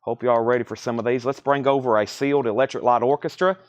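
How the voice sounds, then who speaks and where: A man hosting a live record sale stream, briskly listing titles, conditions and prices and repeating them for viewers. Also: medium pitch, steady tone. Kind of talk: live sales stream chat.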